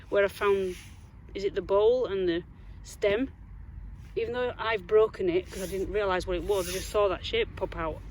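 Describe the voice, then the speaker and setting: A Yorkshire woman chatting to camera out in a muddy field, easily excited by what she finds. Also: mid-range voice, normal speed, slight background noise, rough recording. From England. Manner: chatty, easily excited, talks to herself and viewers. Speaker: metal detecting vlogger. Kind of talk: casual talk to camera while digging.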